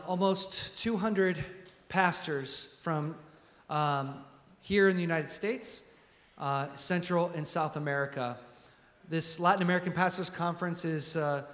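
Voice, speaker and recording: A man's voice: on the high side, a bit bright. A man hosting a church service, speaking from the pulpit with many ums and restarts. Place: large church sanctuary. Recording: echoey church hall.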